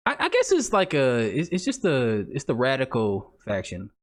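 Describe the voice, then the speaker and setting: Lively, laughing male podcast co-host. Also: medium pitch, moderate pace. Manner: laughs often, swears freely, rambling asides. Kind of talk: casual banter.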